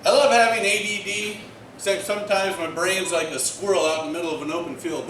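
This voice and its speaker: A man performing a stand-up comedy set on a club stage, delivering one-liners and acting out bits in excited voices. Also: high-pitched, a little fast. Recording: roomy, distant, noisy club recording.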